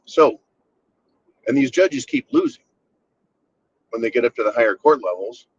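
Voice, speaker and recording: A man hosts a blunt commentary monologue, sarcastic and full of profanity. His voice sits at an ordinary male pitch. The recording is slightly dull and lo-fi. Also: huge pitch swings, normal speed, gravelly, slightly rough. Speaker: channel host.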